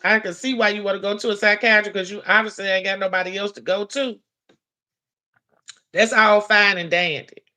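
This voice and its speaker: Blunt, bright-voiced woman ranting. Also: mid-range voice, steady tone, fairly quick. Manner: blunt, profane, scolding. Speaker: commentary vlogger. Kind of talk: heated commentary rant.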